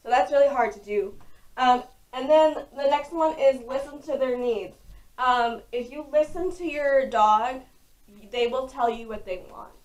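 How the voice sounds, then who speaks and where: Young woman vlogger, loud and frank, a bit high, recorded from a distance. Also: a little slow. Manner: talks loudly and frankly, with many fillers. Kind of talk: casual chat to camera. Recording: voice distant from the mic.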